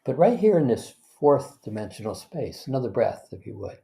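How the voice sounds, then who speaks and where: Male spiritual teacher, mellow mid voice, gentle guided-meditation delivery, loose and conversational. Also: medium pitch, very animated, vocal fry. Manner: gentle, unhurried, leads listeners through breaths.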